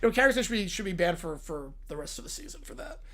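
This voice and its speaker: A male streamer hosts a live reaction stream. He is excitable and breaks into laughter often. He talks straight into a desk microphone. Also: high-pitched, fast talker. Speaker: streamer host.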